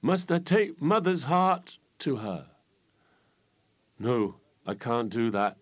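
A man's voice: medium pitch, very animated, slow pace, pitched above the performer's own voice. A man voicing a grieving, simple-minded young man who sobs and pleads in rustic dialect.

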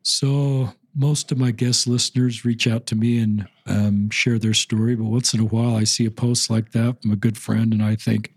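A middle-aged man hosting a podcast interview, speaking slowly and earnestly as he reads a friend's post aloud. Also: mid-range voice, little pitch movement, slightly rough, no echo. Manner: slow, earnest, moved to emotion while reading. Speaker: podcast host.

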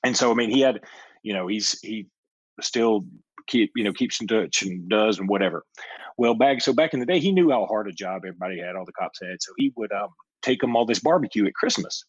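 A man's voice: fairly low pitch, lively intonation, brisk, slightly rough, no echo, muffled recording. A man, co-hosting a casual sports talk show, telling rambling anecdotes and laughing often. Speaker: co-host.

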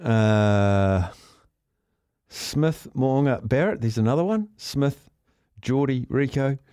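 A laid-back New Zealand man hosting talkback radio from a dry, close studio mic. His voice sits at a middle pitch, chatty and jokey as he runs through listener picks. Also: lively intonation, slow pace, dark tone, clean tone, dry recording. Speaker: radio host. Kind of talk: casual sports talkback.

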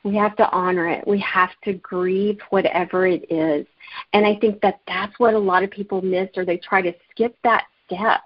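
A woman's voice: medium pitch, steady tone, moderate pace, dry recording. Earnest woman author from Alabama, lo-fi. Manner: earnest, storytelling, laughs easily. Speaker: author and guest. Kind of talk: interview conversation. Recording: muffled lo-fi remote audio.

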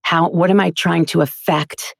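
A woman's voice: on the low side, steady tone, normal speed, vocal fry, no room sound, clean studio sound. A woman who teaches voiceover acting, talking earnestly and emphatically in a casual podcast interview.

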